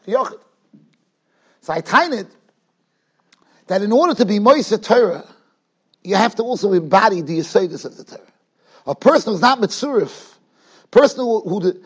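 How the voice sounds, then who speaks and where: Husky high-voiced rabbi telling a story. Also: male voice. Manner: animated, acts out dialogue, stretches words for emphasis. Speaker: rabbi giving a Torah class. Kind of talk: Torah class storytelling. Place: yeshiva study hall.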